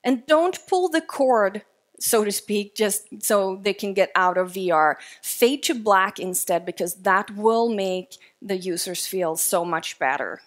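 A woman speaking at a tech conference, presenting in a lively, conversational way with casual fillers. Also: mid-range voice, measured pace. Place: conference stage before an audience.

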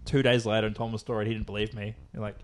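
A young man co-hosting a podcast, telling a story in casual, swearing, animated chat. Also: fairly low pitch. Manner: rapid, animated, laughing. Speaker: podcast co-host.

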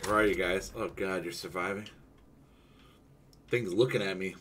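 A young man streaming a game, commenting live in an excitable, swearing way and yelping when things go wrong. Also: sits low, moderate pace, slight background noise.

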